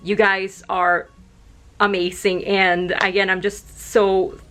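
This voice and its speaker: A woman's voice: medium pitch, flat delivery, slow pace, a bit bright. A young adult woman vlogging, talking to camera in an emotional, grateful way, rambling with many fillers. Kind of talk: casual talk to camera.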